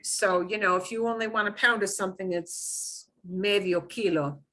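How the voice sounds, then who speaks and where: A woman's voice: medium pitch, fairly even intonation, normal speed, bright, forceful tone. A woman teaching a beginners' Spanish class, patiently drilling pronunciation and having students repeat words. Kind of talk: online class lesson.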